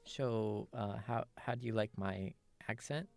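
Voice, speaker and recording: Slow, gravelly-voiced woman streamer. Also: very deep voice, a little mellow. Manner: rambling, self-mocking, laughs often. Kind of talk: casual chat while gaming.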